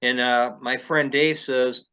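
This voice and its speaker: A man's voice: medium pitch, steady tone, slow pace, pushed and bright, clear, resonant tone, low-quality recording. A man, a field researcher, telling a story in casual conversation, rambling with many fillers and restarts.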